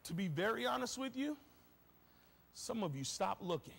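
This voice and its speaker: A male pastor preaching a lively sermon in a church, telling a story in casual slang and swinging between shouts and quiet asides. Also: high voice, moderate pace, creaky, a little hiss or hum. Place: church sanctuary. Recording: long reverb of a church hall.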